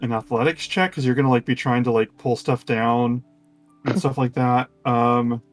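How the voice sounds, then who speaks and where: A man runs a tabletop game and narrates the scene in a mid-range voice. He keeps pausing on ums and restarting his sentences. His pace is relaxed and informal. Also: mid-range voice, soft background music. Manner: halting, full of ums and restarts. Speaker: game master.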